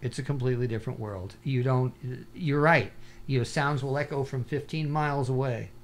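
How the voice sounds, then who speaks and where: A man talking as an interview guest, a diver telling stories in an animated, rambling way with lots of "you know". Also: mid-range voice, a little fast. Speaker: guest, scuba diver and paranormal investigator. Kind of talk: casual interview chat.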